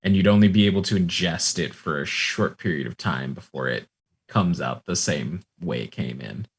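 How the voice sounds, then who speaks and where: Low-voiced man running a tabletop game. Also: normal speed, slightly rough. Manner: relaxed, rambling narration with many fillers. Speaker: game master. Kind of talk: narrating a tabletop role-playing game.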